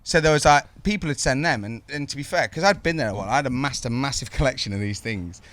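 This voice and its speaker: A man with a Birmingham accent, hosting a casual podcast chat and telling sweary, animated stories. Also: medium pitch, fast. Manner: sweary, storytelling with put-on voices. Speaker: podcast host.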